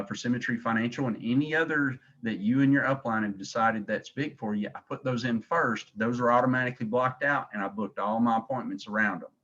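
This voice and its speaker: A man's voice: medium pitch, fairly bright tone. A man with a Southern accent from Tennessee, leading a sales training call as agency director, emphatic and repetitive. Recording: dull lo-fi call audio.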